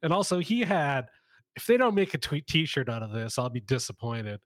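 A man's voice: mid-range voice, big pitch swings, moderate pace, no room sound. Upbeat man in a wrestling chat. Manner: upbeat, laughs often. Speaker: podcast co-host. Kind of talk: casual wrestling review chat.

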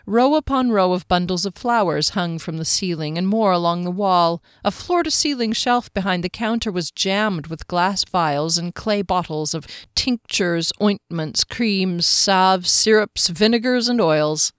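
A woman narrating a fantasy audiobook in a steady, measured storytelling manner. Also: fairly low pitch, clean tone, no room sound, clean studio sound. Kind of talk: scripted narration.

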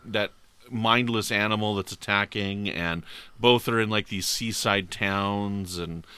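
A man's voice: on the low side, a little slow, pushed and bright, clear, resonant tone, no room sound. A man co-hosting a casual film podcast, enthusiastic and full of filler phrases like "you know". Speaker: podcast co-host.

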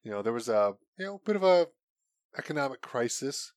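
Fast-talking opinionated man. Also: mid-range voice, big pitch swings, no echo, studio quality. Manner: opinionated, brisk, laughs along. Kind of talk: casual podcast chat.

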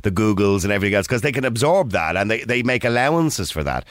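A middle-aged man hosting a radio phone-in, blunt and opinionated, talking over his callers with quick asides. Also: fairly low pitch, expressive, no room sound. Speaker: radio talk show host.

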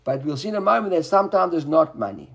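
Gravelly, husky man teaching Talmud. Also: fast, dull audio. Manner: animated, often rising high to act out buyer and seller. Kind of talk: Talmud class lecture.

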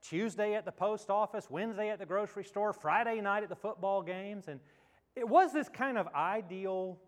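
A man's voice: high-pitched, moderate pace. A man pastor giving a sermon, telling a story in a conversational, reflective way. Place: church sanctuary. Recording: long church hall reverb.

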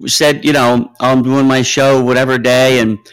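A man's voice: mid-range voice, flat delivery, moderate pace, a bit bright, low-quality recording. A man in casual chat, chatty and eager to tell jokes.

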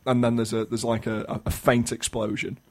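A man's voice: medium pitch, flat delivery, moderate pace, a little mellow, slight background noise. A man on a podcast, telling a story in a rambling way with lots of stumbling restarts. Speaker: podcast host. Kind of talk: casual chat, storytelling.

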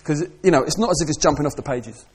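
A middle-aged man preaching a sermon, moving between soft reflective asides and raised, passionate calls. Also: fairly high pitch, quick pace, breathy edge.

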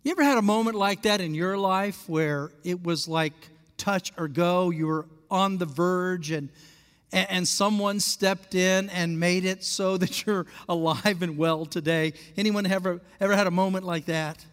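A male pastor from Alaska telling a story in a sermon. He is animated and asks the congregation questions. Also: high-pitched, measured pace, clear, resonant tone. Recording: long hall reverb.

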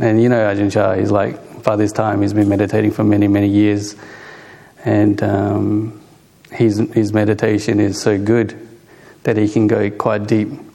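A man giving an informal Dhamma talk on meditation, unhurried and halting, with many fillers, restarts and soft chuckles. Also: mid-range voice, creaky. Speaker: Buddhist meditation teacher.

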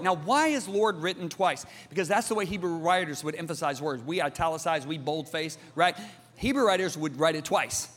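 A middle-aged man preaching a sermon, emphatic and theatrical, jumping from shouts to hushed asides. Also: a little high, lively intonation, normal speed, in a large hall.

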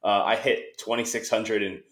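A young man from the United States, a guest on a podcast, telling stories in a casual, animated way and acting out the conversations he quotes. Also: fairly low pitch, normal speed. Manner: animated storyteller, acts out quoted exchanges. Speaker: guest, esports caster. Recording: echoey room sound.

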